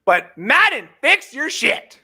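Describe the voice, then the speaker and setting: Canadian guy ranting on a sports podcast, high bright voice, swears a lot, goes from yelling to mumbling. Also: sing-song, slow. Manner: loud profane ranting, swinging between shouting and muttering. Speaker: fantasy sports podcast co-host.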